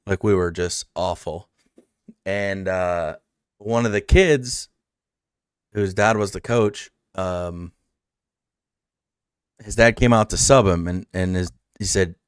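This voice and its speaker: A man's voice: low voice, takes it slowly, pauses often, clear, resonant tone, no echo, studio quality. A man hosting a casual interview, rambling through a heartfelt story with many fillers. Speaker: podcast host.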